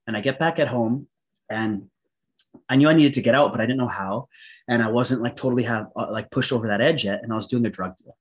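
A man's voice: fairly low pitch, fast, breathy edge. Guy on a podcast telling his story, lots of "like", laughs a bunch, kinda dull lo-fi sound. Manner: casual, animated storyteller who laughs often and says "like" a lot. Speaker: guest. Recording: slightly dull lo-fi audio.

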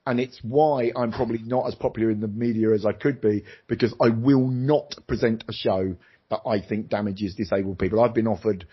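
A middle-aged former TV presenter, appearing as an interview guest, shares a personal story candidly and with animation. His voice is husky, he jumps into high voices for quoted lines, and the lo-fi recording sounds slightly dull.

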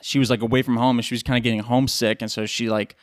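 A man's voice: medium pitch, flat delivery, very fast, no echo, clean studio sound. A tired man hosting his own podcast, rambling loosely through casual chat and swearing now and then. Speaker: podcast host.

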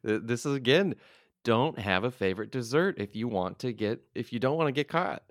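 A man's voice: medium pitch, expressive, a little fast, no room sound, studio quality. A man guesting on a podcast, making wry, sarcastic remarks in casual chat. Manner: wry, sarcastic, laughs often.

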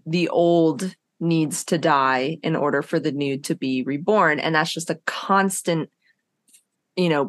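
A woman with a lowish voice talks slowly and reflectively, circling her ideas with fillers like "you know" and "like". She is recorded up close in a dry, dead-sounding room. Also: no room sound. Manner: thoughtful, meandering, with many fillers and bursts of laughter. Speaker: podcast co-host. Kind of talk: casual conversation on psychology and myth.

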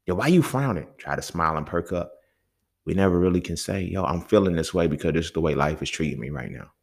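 Deep-voiced man ranting on a podcast. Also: fast talker, gravelly. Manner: profane, heated, conversational, keeps asking "you feel me". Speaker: podcast host. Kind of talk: casual solo podcast monologue.

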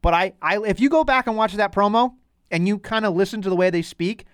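A man with a faint Boston accent rambles through his opinions in a casual podcast chat, often restarting his sentences. His voice is smooth and slightly high, recorded dry and close. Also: brisk, dry recording. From Massachusetts North Shore. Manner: rambling, self-interrupting opinions. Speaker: podcast co-host. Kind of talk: casual chat about pro wrestling.

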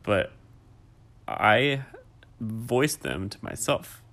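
A calm, laid-back man chatting casually with his wife on their podcast. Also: fairly low pitch, extremely slow, vocal fry. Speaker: podcast co-host. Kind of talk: casual couple chat.

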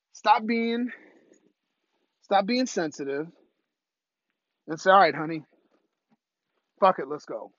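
Husky-voiced man ranting with profanity. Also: high-pitched, sharp tone, no room sound, highs cut off. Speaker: podcast host. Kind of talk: comedic monologue rant.

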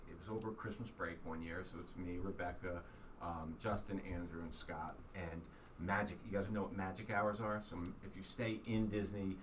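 Podcast host, male, lowish voice, rambling self-mocking storyteller, sits back from the mic with faint hiss. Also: fairly even intonation, moderate pace, far from the mic. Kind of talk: casual chat, telling a personal story.

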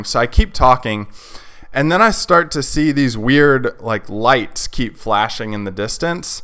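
A man's voice: mid-range voice, expressive, measured pace, bright, forceful tone, clean tone. A man hosting a podcast, telling a story in a casual, chatty way, full of "like" and "you know". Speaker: podcast host.

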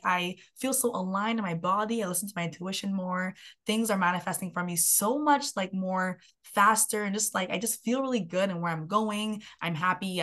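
A young woman, a health and mindset coach, telling a personal story as a podcast guest, animated and full of "like" fillers. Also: lowish voice.

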